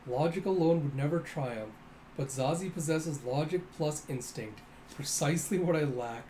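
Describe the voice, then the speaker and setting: A manga reader voicing a calm, analytical male strategist who speaks slowly and evenly. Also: mid-range voice, slight background noise, close to an everyday voice, poor audio. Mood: approving. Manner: measured, slow.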